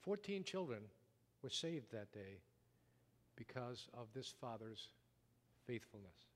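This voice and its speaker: A man preaching a sermon, telling a story dramatically, rising loud and dropping to a hush. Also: medium pitch, very animated, slow. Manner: dramatic storytelling, wide swings from loud to hushed. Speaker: pastor. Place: church sanctuary. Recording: long reverb of a large hall.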